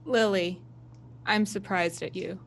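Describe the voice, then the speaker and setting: A woman's voice: medium pitch, steady tone, slight background noise. A woman playing a vain, imperious ship captain. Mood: haughty. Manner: haughty, measured and self-important.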